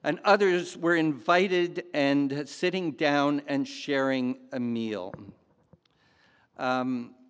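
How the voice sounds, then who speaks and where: A man's voice: on the high side, fairly even intonation, slow pace, smooth. A man preaching a sermon in a chatty, storytelling way with fillers and asides. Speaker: pastor. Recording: long hall reverb.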